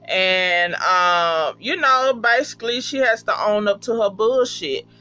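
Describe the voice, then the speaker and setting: A vlogger casually recapping a TV episode, profane and animated, acting out the characters' lines. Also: mid-range voice, measured pace, faint music behind. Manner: profane, animated, acts out quotes. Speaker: TV episode reviewer.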